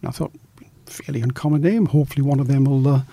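Middle-aged male journalist storyteller, animated, dry close sound. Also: mid-range voice, fast, no echo. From Australia. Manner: animated storyteller, acts out quoted dialogue. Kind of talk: storytelling in an interview.

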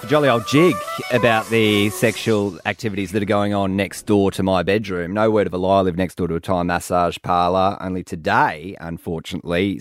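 Low in pitch and free of echo, this Australian radio host's voice carries a lively story in casual studio chat as he acts out the quotes of the people involved.

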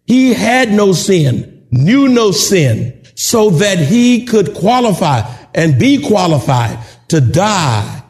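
A man preaching a sermon, emphatic and animated, at times shouting and chuckling as he drives his points home. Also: high-pitched. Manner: drawn-out, emphatic delivery.

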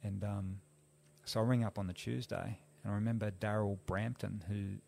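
Gravelly Australian man telling stories. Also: fairly low pitch, moderate pace, slight background noise. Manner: animated, acts out quoted dialogue. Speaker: guest, former rugby league player. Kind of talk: casual storytelling.

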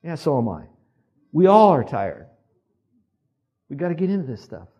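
A male pastor preaching a sermon, telling animated stories and acting out the quotes. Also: a little high, normal speed. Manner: animated storyteller who acts out quotes.

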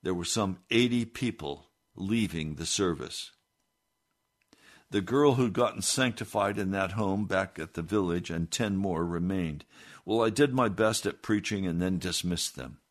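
A man's voice: low voice, unhurried. A man reading a first-person story aloud in a plain, earnest way. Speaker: narrator.

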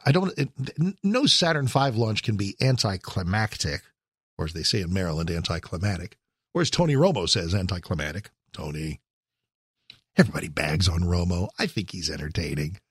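Gravelly older man telling a story on radio. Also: fairly low pitch, lively intonation, moderate pace, no room sound, studio quality. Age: 60s. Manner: rambling storyteller with wry asides and self-corrections. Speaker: radio host. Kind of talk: talk radio monologue, personal reminiscence.

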